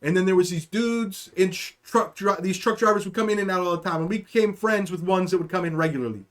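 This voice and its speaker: High-voiced young man rambling a story. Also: fast, a bit bright. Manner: rambling, profane, keeps asking "okay?". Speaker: livestream host. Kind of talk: casual storytelling chat.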